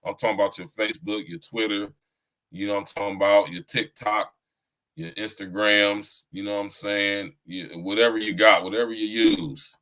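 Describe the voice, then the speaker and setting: A man's voice: fairly low pitch, fairly even intonation, moderate pace, bright, forceful tone, low-quality recording. Laid-back slangy man hosting a podcast. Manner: loose, laughing, slangy and profane. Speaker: podcast host. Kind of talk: casual live-stream chat.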